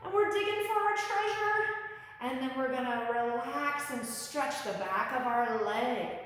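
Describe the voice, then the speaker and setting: High-pitched and fairly bright, the woman speaks expressively and without hurry, with a little hiss or hum in the audio. She is teaching a children's yoga class in her studio, her guidance playful, encouraging and sing-song, all captured in an echoey space with long reverb.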